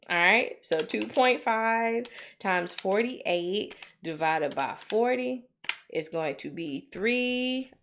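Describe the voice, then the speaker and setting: A woman with a Southern American accent tutoring nursing students through dosage calculations, in a lively, chatty and encouraging way that keeps checking in with her listeners. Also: a little high. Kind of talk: live tutoring walkthrough.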